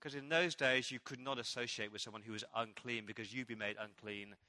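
A man preaching a sermon as pastor, telling a Bible story with animated storytelling and acting out the quoted lines. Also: medium pitch, fairly quick, dry recording. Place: church.

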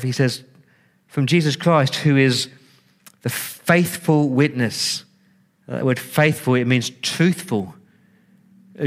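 A man preaches a conversational sermon as pastor, repeating words. He acts out his listeners' reactions with large swings in pitch.

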